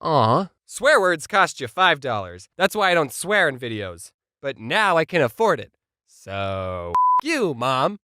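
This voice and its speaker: A young man telling comedic childhood stories in a sarcastic, animated scripted style. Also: on the high side, moderate pace, no room sound, clean studio sound. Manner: sarcastic, animated, jumps between voices. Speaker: comedy YouTuber.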